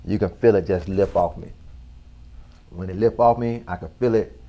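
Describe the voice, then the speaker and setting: Low-voiced man telling his story. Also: lo-fi sound. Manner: earnest, slow storytelling with casual slang. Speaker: interview guest. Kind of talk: personal testimony in an interview.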